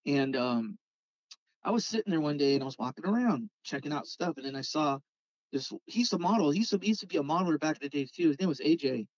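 A man, a podcast guest telling a rambling, animated story and acting out the dialogue. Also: on the high side, fast talker, no echo, muffled recording. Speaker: podcast guest, scale model car artist. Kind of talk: casual storytelling chat.

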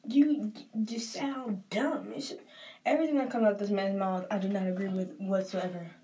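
A woman's voice: medium pitch, steady tone, fairly quick, warm tone, far from the mic. A young woman with a Southern US accent talks casually and emotionally while getting ready, rambling and saying "like" a lot. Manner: rambling and emotional, often says "like". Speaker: vlogger.

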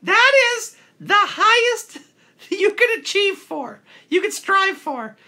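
A man's voice: very high voice, very animated, slow, pushed and bright, heavily acted. A man voicing a cheery male toilet paper puppet who hosts a live call-in show with chatty, playful talk. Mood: cheerful. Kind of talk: live stream call-in chat.

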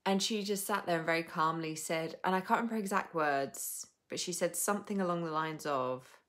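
A young adult woman with a low voice, chatting casually to viewers on a live stream. She rambles and laughs a lot. She drops the odd swear word without fuss. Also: fairly quick, a bit bright. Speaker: coach hosting a live stream.

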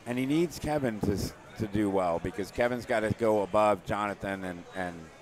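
New york guy, lowish voice, loose banter on a pinball stream. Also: normal speed. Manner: folksy, thanks viewers, loose banter. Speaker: stream co-commentator. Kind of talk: casual commentary.

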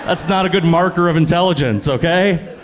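A man in his thirties doing stand-up, with a voice on the higher side for a man. He delivers deadpan setups, then climbs into loud, exasperated punchlines, swearing freely. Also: a little fast. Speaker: stand-up comedian. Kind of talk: stand-up comedy set. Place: comedy venue with live audience. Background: audience laughter.

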